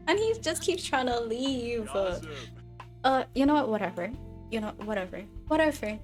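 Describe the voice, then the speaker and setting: A woman's voice: a little high, animated, unhurried, pauses often, faint music behind. A woman giving casual, playful let's-play commentary on a life-simulation game, chatting and laughing often. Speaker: gaming video creator.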